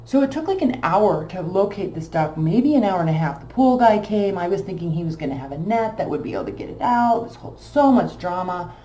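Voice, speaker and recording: A woman casually telling a long personal story, emotional and animated, with many fillers. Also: fairly low pitch, a little fast, few pauses, reverberant. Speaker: tarot channel host.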